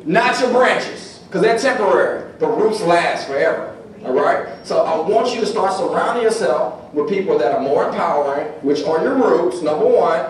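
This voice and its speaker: A man with a high, swooping voice delivers a preachy motivational talk and drives the room through chants. He is recorded from far off in a big echoing gym, with a faint hum behind him. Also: moderate pace. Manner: preachy, animated, leads call-and-response chants. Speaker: motivational seminar speaker. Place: large indoor gym.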